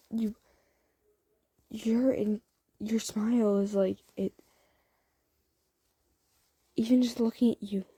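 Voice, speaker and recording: A woman voicing a smitten, earnest teenage boy who speaks softly and haltingly with affection, in a spoken fan story. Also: medium pitch, slightly rough, dry recording.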